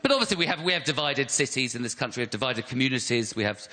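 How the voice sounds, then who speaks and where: A man's voice: medium pitch, expressive, very fast, sharp tone. An English man from West London doing a self-deprecating stand-up set with stammering repeats, on a live comedy stage. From West London, England. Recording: live stage recording with audience laughter.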